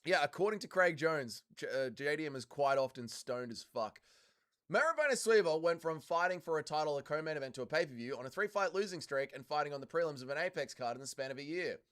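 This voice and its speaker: A man's voice: fairly high pitch, lively intonation, fast talker, fairly bright tone. A man hosting a live watch-along stream, reading viewer chat aloud and bantering crudely, swearing freely and calling people mate. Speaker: livestream host.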